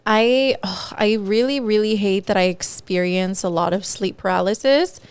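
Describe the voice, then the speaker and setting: A woman co-hosting a podcast, chatting casually and telling stories in an animated, profane way. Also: mid-range voice, moderate pace, clean tone, no room sound. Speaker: podcast co-host. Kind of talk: casual chat.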